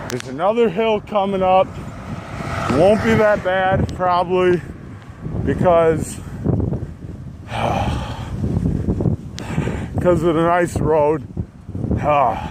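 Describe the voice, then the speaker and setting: A man out of breath, venting and swearing with frequent sighs as he cycles outdoors along a road. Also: high voice. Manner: frustrated, swearing, sighing between phrases. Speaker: vlogger. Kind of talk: venting monologue while cycling. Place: outdoors on a road, riding a bike. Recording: wind and traffic noise. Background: traffic and wind noise.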